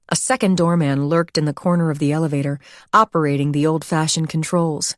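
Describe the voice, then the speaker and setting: In a dry, close recording with no room sound, a woman with a low voice delivers scripted audiobook narration at a steady, measured pace.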